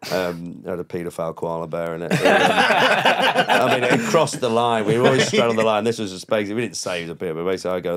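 A man with a lowish, fairly bright voice talks fast with big swings in pitch as a comedian guest on a podcast. He rambles through anecdotes, often laughs at his own stories, and quotes people in a raised, mocking voice.

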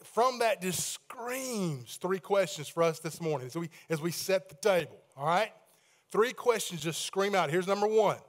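A man preaching a sermon in a church, reading scripture aloud with the congregation, praying quietly and asking them to raise their hands. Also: sits high, normal speed. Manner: leads congregation in call-and-response readings and hand-raising; swings between loud proclaiming and hushed prayer. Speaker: pastor. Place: church sanctuary with balcony.

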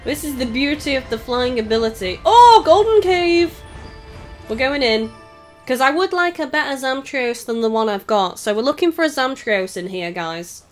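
A woman's voice: fairly high pitch, moderate pace, soft background music. A young English woman with a mixed Scouse, Welsh and English accent, giggling and chatting through live game commentary while reading viewer messages. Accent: mix of Scouse, Welsh and English. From England. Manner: chatty, giggly, reads chat aloud. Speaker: gaming streamer. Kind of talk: live let's-play commentary. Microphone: desk microphone.

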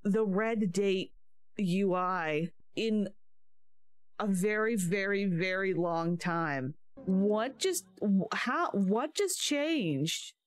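A woman giving casual commentary while playing a life-sim game, chatty and quick to laugh and gasp at what happens. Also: medium pitch, animated, dry recording. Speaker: gaming video creator.

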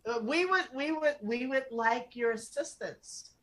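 A woman's voice: high-pitched, expressive, unhurried, a bit bright. Brash older woman improviser on a call. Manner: brash, swears freely, exasperated. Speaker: improv comedian. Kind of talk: improvised comedy scene. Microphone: video call.

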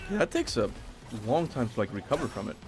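A man streaming a video game, chatting casually and excitably as he plays, with the odd swear. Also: mid-range voice, quick pace, noisy background. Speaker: gaming streamer. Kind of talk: casual live gameplay commentary.

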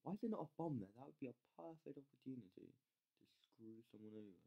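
A gamer commentating live gameplay, excitable, yelling at troops, swearing and mocking themself. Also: mid-range voice, fast talker, gravelly, muffled recording. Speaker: game channel host.

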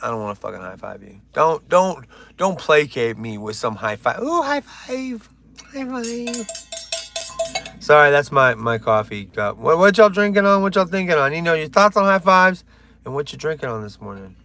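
A man's voice: a little high, very animated, fairly quick, vocal fry, bright, forceful tone. A man doing casual stand-up on a live stream, rambling, swearing and joking with his viewers.

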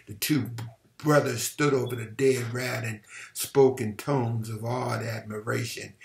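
Male reader, gravelly, mid-range voice, echoey room, novel read-aloud with small stumbles. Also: mid-range voice, fairly even intonation, a little slow. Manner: dramatic, with stumbles and rereads. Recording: roomy echo.

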